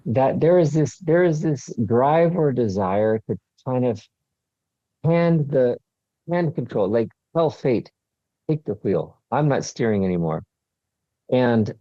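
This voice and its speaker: A man, an author being interviewed, speaking slowly and thoughtfully in casual conversation. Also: medium pitch, mellow, dry recording, muffled recording. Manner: slow, deliberate and thoughtful. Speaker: author guest. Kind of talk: casual chat.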